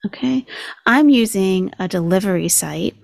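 Chatty, sarcastic woman with gravelly edge. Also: medium pitch, lively intonation, measured pace, darkish tone, dry recording. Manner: chatty, sarcastic, talks numbers through aloud. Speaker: commentary channel host. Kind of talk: casual commentary on a video.

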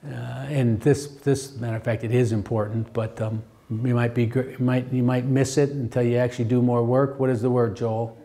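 A man teaching a Bible study class, talking in halting bursts with frequent restarts and quizzing his students. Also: mid-range voice, flat delivery, warm tone. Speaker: theology teacher. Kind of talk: interactive Bible study lecture.

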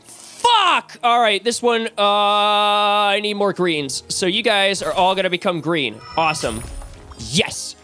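A woman playing a video game and commentating, excitable, swearing and shrieking. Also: medium pitch, a little slow. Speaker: gamer. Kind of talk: let's play commentary. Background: game music.

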